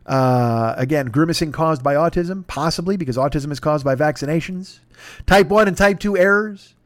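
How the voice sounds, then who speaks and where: A man hosts a podcast and riffs through a sponsor plug in a crude, profane ramble, mocking himself as he goes. His voice sits a bit high for a man and swings from loud bursts to low mutters. The sound is dry, with no room around it. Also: normal speed, dry recording. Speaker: podcast host.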